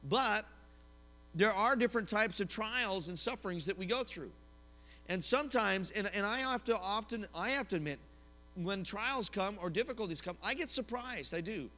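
Bright, high-voiced preacher. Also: male voice. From Oklahoma, US. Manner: lively preaching with personal stories and questions to the congregation. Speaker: pastor. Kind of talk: sermon. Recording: long hall reverb.

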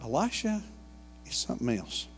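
A man's voice: medium pitch, huge pitch swings, moderate pace, gravelly, in a large hall, a little hiss or hum. A man preaching a sermon and retelling a Bible story in a folksy way, full of asides and homey jokes. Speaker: pastor. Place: church sanctuary.

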